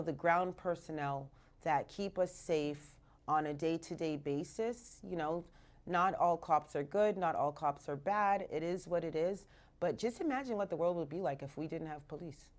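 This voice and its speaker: A woman's voice: lowish voice, normal speed, darkish tone. A woman from Canada hosting a live radio show, talking casually and animatedly, slipping in Jamaican patois phrases, from a radio studio.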